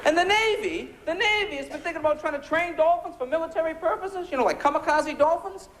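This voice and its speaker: The recording carries a little hiss or hum behind a man's extremely high, fairly bright voice, which moves fast. He's an American stand-up comedian on a comedy club stage, delivering a biting, sarcastic routine of rhetorical questions to a laughing crowd.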